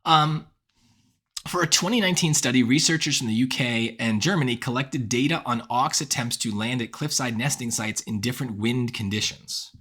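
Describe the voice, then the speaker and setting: A man tutoring for the SAT, walking through each answer choice out loud and often asking "right?" as he reasons. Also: medium pitch, normal speed, husky. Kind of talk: test-prep walkthrough.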